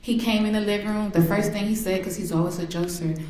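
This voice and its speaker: A woman's voice: medium pitch, fairly even intonation, fast, mellow. A woman, the victim's mother, giving an emotional victim impact statement in a courtroom, telling memories and acting out remembered voices. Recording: echoey courtroom.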